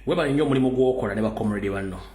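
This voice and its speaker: A man's voice: lowish voice, very fast, darkish tone, reverberant. A Ugandan man hosting an online show, giving fervent political commentary with rhetorical repetition. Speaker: host.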